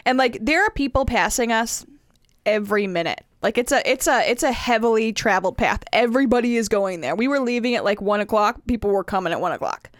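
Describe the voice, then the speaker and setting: Thirties woman, podcast co-host; animated storyteller, slightly high voice, dry studio sound. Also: fast talker, dry recording. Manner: animated storyteller acting out dialogue. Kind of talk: casual storytelling chat.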